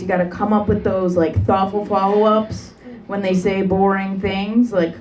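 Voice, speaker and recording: A young woman doing a brash, deadpan stand-up comedy set in a club. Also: medium pitch, normal speed. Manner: deadpan, brash, sharp punchlines. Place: comedy club stage with live audience. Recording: distant live club recording with crowd.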